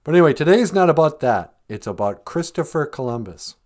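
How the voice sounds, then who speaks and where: A man's voice: fairly high pitch, expressive, fairly quick, a little mellow. An older man hosting a podcast, joking sarcastically and laughing often as he talks. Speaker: podcast host. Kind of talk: comedic casual chat.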